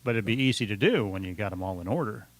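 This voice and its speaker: An easygoing, plain-spoken man with a gravelly voice chats casually as co-host. The recording is dry, with no room echo. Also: lowish voice, lively intonation, fast. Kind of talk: casual chat.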